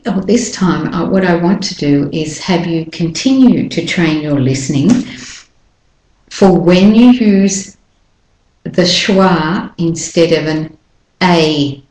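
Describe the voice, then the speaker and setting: A woman teaching pronunciation, patiently explaining and slowing down to model example sentences. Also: on the low side, darkish tone, slight background noise. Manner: patient, slows down to model sounds. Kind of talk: explanatory lesson with read-aloud examples. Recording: roomy echo.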